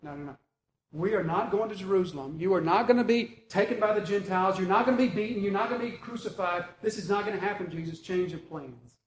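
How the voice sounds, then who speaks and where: Preacher doing a protective, insistent disciple, low-key and hushed, echoey hall. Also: male voice, quick pace, slight background noise, close to an everyday voice. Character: insistent disciple Peter, adult man, protective.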